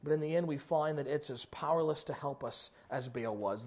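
A man preaching a sermon, acting out the people in the story and swinging from loud exclamations to hushed, drawn-out lines. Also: a little high. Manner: dramatic, voices characters, swings from loud to hushed. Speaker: pastor.

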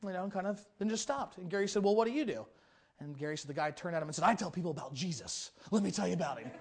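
A man's voice: sits high, lively intonation, rapid-fire, creaky. A man preaching a sermon, telling a story and acting out the quoted voices with animation.

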